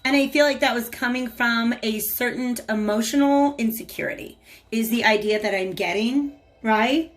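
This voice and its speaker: A woman's voice: on the high side, moderate pace. A woman giving a casual tarot reading, chatting to viewers and talking to the cards as she goes. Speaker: tarot reader.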